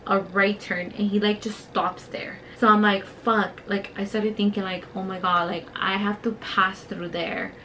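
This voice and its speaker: A young woman tells a story as she does her makeup, swearing freely and using lots of fillers. Her voice sits at an ordinary middle pitch. She is close to the camera mic, with a faint noise behind her. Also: moderate pace, hardly any pauses, low-quality recording. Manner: profane, filler-heavy, animated storytelling. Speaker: beauty vlogger. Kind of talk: casual storytime while doing makeup.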